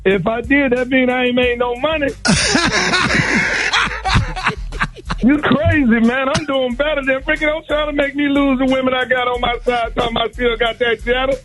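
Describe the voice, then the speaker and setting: A middle-aged man with a strikingly high voice delivers a comic roast as a guest caller. He teases relentlessly and slips into theatrical, mock-exasperated complaints. A loud music bed plays behind him. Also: moderate pace, poor audio. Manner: teasing, mock-exasperated ranting. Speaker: comedian calling in as guest. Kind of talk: comic roast on morning radio.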